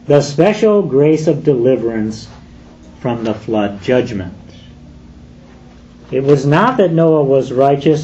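A man preaching a sermon in a deliberate, emphatic way, leaning on slow, stressed phrases. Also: a little high, dark tone, muffled recording, a little hiss or hum. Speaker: pastor.

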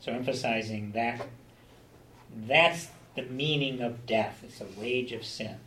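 A man's voice: mid-range voice, a little slow, fairly bright tone, slight background noise. A man leading a Bible study lecture, teaching in an earnest, emphatic expository way. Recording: echoey room, mic far off, faint ambience.

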